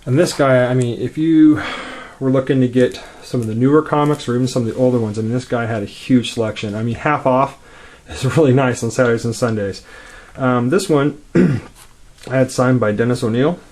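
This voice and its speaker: Man, casual show-and-tell, rambling, laid-back, quick talker, mid-pitched voice. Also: darkish tone. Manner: talks quickly. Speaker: comic collector vlogger.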